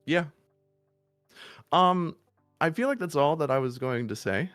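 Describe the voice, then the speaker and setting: A man's voice: a little high, lively intonation, unhurried, a bit bright, smooth, dry recording, soft background music. A man streaming from home, giving casual, blunt advice to other streamers, and swearing freely for emphasis. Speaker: VTuber streamer.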